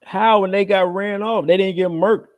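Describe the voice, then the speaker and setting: A man's voice: sits high, steady tone, moderate pace, dry recording. A man co-hosting a podcast, talking bluntly in a heated casual debate. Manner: blunt, laughs off disagreement. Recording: dry, muffled lo-fi audio.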